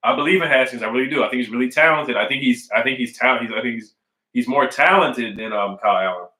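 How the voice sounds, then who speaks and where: Bright-voiced man chatting on a stream. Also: medium pitch, fast, reverberant, rough recording. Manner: repetitive, emphatic, says "man" and "I really do" often. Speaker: sports fan streamer reading chat. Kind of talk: casual live-stream chat. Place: at home indoors.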